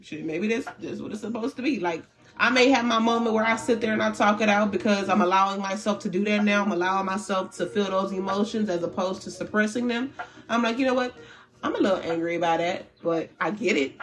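A fast-talking woman gives a loose, chatty general tarot reading, candid and animated, with slang and the occasional curse word. Her pitch sits in an ordinary middle range for a woman.

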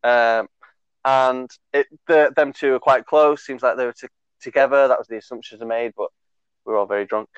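A man's voice: medium pitch, steady tone, brisk, clean tone, no room sound, dull audio. A young man in his twenties telling a long, rambling story on a podcast, laughing and swearing as he goes, full of fillers. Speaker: podcast co-host. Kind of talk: casual storytelling chat.

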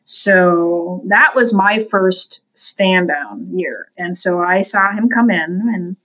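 A woman telling a story as a guest in an interview, in an earnest, unhurried way, livening it up when she quotes people. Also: rough recording. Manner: animated, voices the people in her story with big pitch jumps. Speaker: guest from a veterans' services group.

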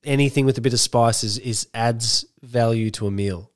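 A man's voice: medium pitch, moderate pace. A young man co-hosting a podcast, chatting in an easygoing way and teasing his friend. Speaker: podcast co-host. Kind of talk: casual chat.

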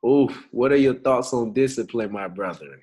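A man's voice: mid-range voice, moderate pace, darkish tone, husky, low-quality recording. A young man co-hosting a podcast in a casual, slangy, laid-back way, chuckling between thoughts. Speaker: podcast co-host.

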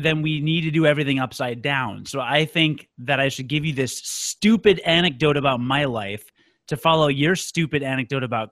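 A man hosting a podcast, his voice slightly higher than most and recorded close and dry. He tells rambling, self-deprecating stories in easy conversational chat. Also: a bit bright, no room sound. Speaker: podcast host. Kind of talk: casual chat. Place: Chicago.

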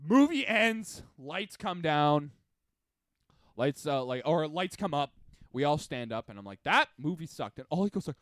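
A man's voice: fairly high pitch, unhurried, dry recording, studio quality. A young man co-hosting a podcast, telling stories in a casual chat and acting out his friends' lines. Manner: animated storytelling, acts out friends' lines. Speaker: podcast co-host.

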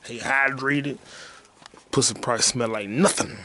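Crude, rambling solo podcast host, male, mid-pitched, jokey. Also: normal speed, slight background noise. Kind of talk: solo comedy podcast rant.

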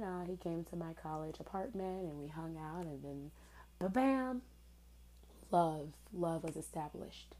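Twenty-something woman spilling a story, sarcastic and blunt, low mellow voice. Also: lively intonation, measured pace, poor audio. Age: 20s. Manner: candid, sarcastic, swears casually. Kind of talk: casual storytelling monologue.

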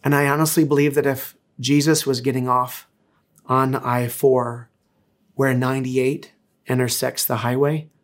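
A man's voice: medium pitch, level tone, measured pace. A middle-aged man, a pastor, preaching a sermon in an earnest, conversational way, with frequent hesitations. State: tearful, emotional.

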